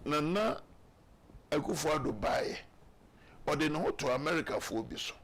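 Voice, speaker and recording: A man's voice: a little high, lively intonation, normal speed, fairly bright tone. A man with a Ghanaian accent, talking emphatically in a political talk show discussion. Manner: emphatic, mixing Twi and English, acts out quotes.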